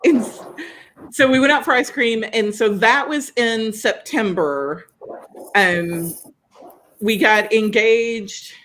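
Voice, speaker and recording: There's a little hiss or hum as a podcast co-host with a fairly high voice takes her time telling a story in casual chat. She's animated and laughs often, acting out the words of the people she describes.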